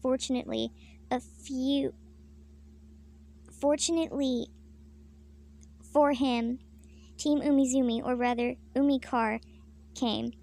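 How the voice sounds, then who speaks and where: Woman, deadpan fanfic reader, high flat voice, crude asides. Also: slow, vocal fry, long pauses. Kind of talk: comic story reading.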